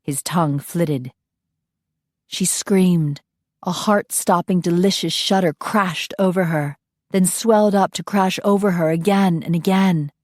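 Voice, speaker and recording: A woman narrating a romance audiobook in a steady, unhurried, intimate reading. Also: fairly low pitch, no room sound, studio quality.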